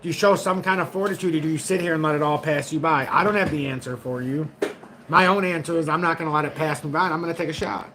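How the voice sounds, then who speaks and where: A man's voice: fairly high pitch, quick pace, background noise. A middle-aged man hosting a crypto trading channel, giving blunt, profane, frank market commentary straight to his viewers.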